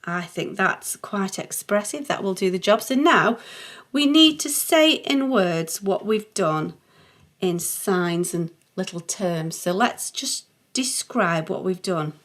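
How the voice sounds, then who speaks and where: Speaking slowly with lively intonation, a middle-aged woman with a medium, slightly bright voice walks through a music theory exercise as she writes it out. Patient and thinking aloud, she sings short note sounds to illustrate.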